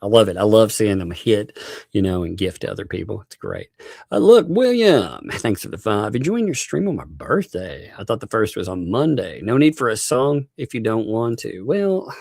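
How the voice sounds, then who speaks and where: A man's voice: lowish voice, sing-song, moderate pace, creaky, a little mellow, no room sound, studio quality. A man hosting a live stream, chatting casually, laughing often and thanking viewers by name.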